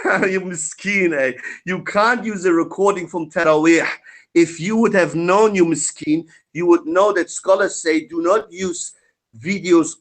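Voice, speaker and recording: A man's voice: high-pitched, fairly bright tone. A man in a heated online debate on a video call, mocking, combative and lecturing his opponent.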